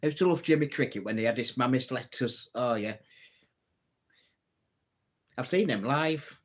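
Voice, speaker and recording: A man's voice: mid-range voice, normal speed, a little hiss or hum. A man hosting a casual live stream, telling old jokes, reading out viewer comments and laughing at his own punchlines. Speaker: livestream host.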